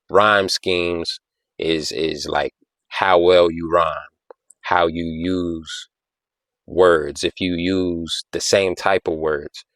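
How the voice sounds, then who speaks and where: A man with a very low voice, recorded dry and close. He talks in a loose, conversational way, circling back on his points and checking in with the listener as he explains. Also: dry recording. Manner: conversational, repeats himself, frequent "you know what I'm saying"; taps out rhythms with "da da da". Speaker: podcast host. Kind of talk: casual explanatory monologue.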